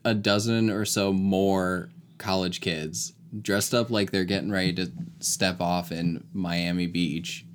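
A man's voice: low voice, steady tone, slow, few pauses, slight background noise. A man co-hosting a casual podcast chat, talking things through analytically with many hedges. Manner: analytical, hedging with "like". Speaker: podcast co-host.

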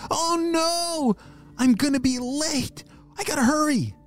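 A man's voice: very high-pitched, takes it slowly, soft background music, pitched above the performer's own voice. A man voicing an anxious young female lionfish, pleading and frantic. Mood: panicked.

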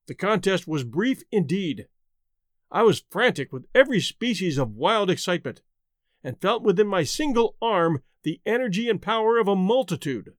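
A man reads a gothic tale aloud in a high, highly expressive voice that rises and falls freely. He keeps a measured pace and slows down to weigh key phrases. The sound is dry and close. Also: no room sound. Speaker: narrator. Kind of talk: dramatic reading of a gothic tale.

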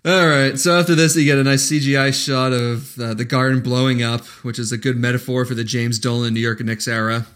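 A man's voice: mid-range voice, level tone, fairly quick, hardly any pauses, a bit bright. Profane ranting man recapping a movie. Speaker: podcast co-host reviewing a movie. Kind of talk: casual movie-riff chat.

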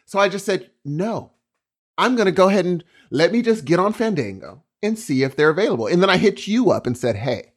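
A man's voice: high voice, slightly rough. A man co-hosting a podcast, joking around in casual chat and laughing easily. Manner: animated, jokey, quick to laugh. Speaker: podcast co-host.

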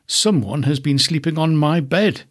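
Papa Bear is a big, stately father bear in a storybook, voiced by a man. He speaks gruff and measured, with a husky grain. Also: a little high, animated, no echo, clean studio sound, pitched above the performer's own voice.

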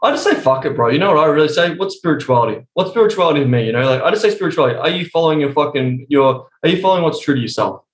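A young man in casual podcast chat, blunt, profane and animated. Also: a little high, racing, hardly any pauses, roomy sound, rough recording.

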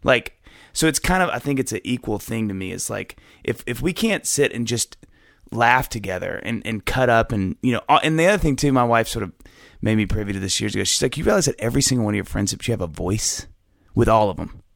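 A man's voice: mid-range voice, lively intonation, fast talker, vocal fry, a bit bright, no room sound, studio quality. A middle-aged man chatting casually as an interview guest, rambling, restarting his sentences and often laughing. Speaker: podcast guest, musician.

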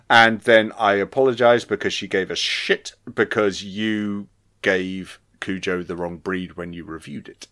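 A man's voice: on the low side, a little slow, a bit bright. Man reading listener comments with a laugh. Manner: laughs often, stumbling restarts, casual swearing. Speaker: podcast co-host.

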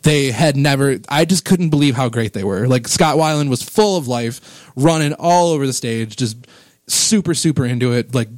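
A man's voice: mid-range voice, moderate pace, a little mellow, dry recording. A man in his thirties or forties hosting a casual music podcast, rambling with enthusiasm and getting emotional about favorite records, on a close microphone. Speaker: podcast host.

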